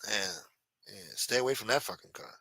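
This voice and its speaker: A man's voice: lowish voice, a little fast, vocal fry, bright, forceful tone, no echo, rough recording. A man hosting a late-night live stream in a loose, profane, teasing way, reading and answering viewer chat. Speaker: live show host.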